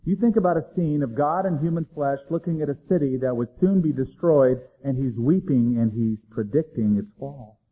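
A man preaching a sermon, dramatic, swinging between loud emphasis and hushed low lines. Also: moderate pace, hardly any pauses, breathy edge, phone-quality sound. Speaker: pastor.

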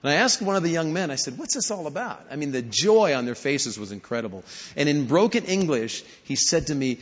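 A man's voice: on the high side, big pitch swings, a little fast, slightly rough. A man preaching a sermon, telling stories and rising to emphatic questions. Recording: hall reverb, dull lo-fi sound.

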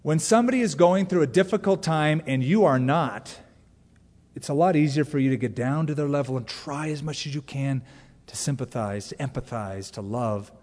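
A middle-aged man preaching a sermon as pastor, talking conversationally with sudden loud asides. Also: on the high side, normal speed. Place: church sanctuary. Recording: long hall reverb from a church.

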